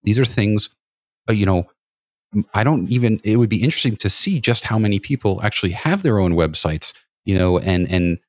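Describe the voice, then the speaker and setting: A man's voice: on the low side, lively intonation, a little fast, no echo. A man hosting a podcast, chatting casually with a guest in a rambling way full of restarts and fillers. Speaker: podcast host. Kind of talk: casual interview chat.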